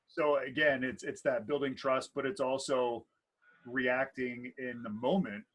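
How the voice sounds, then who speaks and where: A man's voice: mid-range voice, steady tone, measured pace, fairly bright tone, husky, rough recording. A man in his thirties, a wedding DJ and MC co-hosting a casual podcast chat, telling stories in a playful, rambling way with many restarts. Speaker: wedding DJ and MC, co-host.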